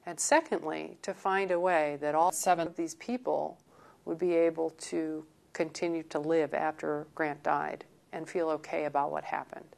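A woman on a palliative care team explaining her team's goals in a measured way. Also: low-pitched, flat delivery, creaky, darkish tone. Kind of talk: documentary interview.

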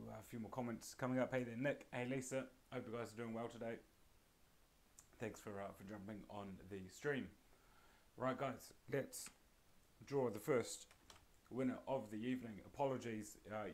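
Croaky man hosting a draw. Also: lowish voice. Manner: friendly, greets viewers by name. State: croaky voice from laryngitis. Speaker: host of a live prize draw. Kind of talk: live stream prize draw.

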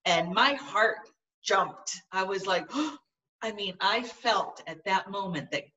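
A woman's voice: mid-range voice, expressive, slow, bright, forceful tone, far from the mic, lo-fi sound. A woman guest in an interview, telling a personal story in an earnest, vivid way. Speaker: podcast guest.

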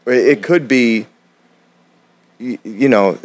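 A man's voice: mid-range voice, slow. A man from Detroit, an acting coach, talking bluntly in a casual podcast chat and acting out quotes. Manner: blunt, profane, acts out quotes in voices.

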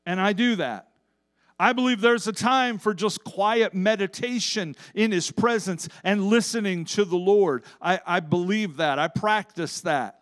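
A man's voice: high-pitched, lively intonation, a little slow, fairly bright tone, no room sound, clean studio sound. A man preaching a sermon as pastor at a church service, in an impassioned, emphatic manner.

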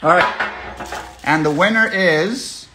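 A man's voice: high-pitched, slow pace, noisy background. A young man hosting a phone livestream raffle, talking in a loose, profane, rambling way full of slang and pep talk. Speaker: livestream host running a raffle. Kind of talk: casual livestream chat.

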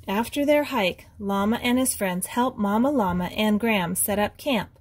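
A preschool teacher reading a picture book aloud to young children from inside a small tent, in an animated storytelling manner. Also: female voice, mid-range voice, normal speed, few pauses, slightly rough.

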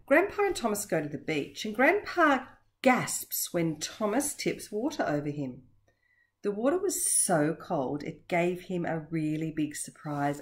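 Lively sing-song woman teacher. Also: low-pitched. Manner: slow, sing-song and encouraging, with pauses for answers. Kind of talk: children's vocabulary lesson.

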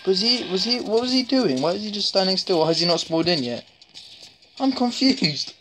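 Over music, a woman with an expressive mid-range voice speaks at normal speed, giving jokey, casual commentary on a mobile shooter while trash-talking and yelping suddenly. As a mobile game streamer, she records through her phone's screen recorder, which captures noise and tapping clicks.

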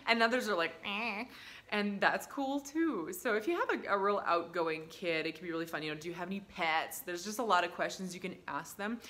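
A woman telling casual stories about her dental work, chatty with lots of fillers, breaking into bright quoted voices. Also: mid-range voice. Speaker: dental hygienist vlogger. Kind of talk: casual storytelling to camera.

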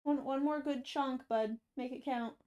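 A woman's voice: high-pitched, steady tone, measured pace, mellow, clean tone, dull audio. A young adult woman streamer chatting casually and affectionately on a live stream, swearing now and then.

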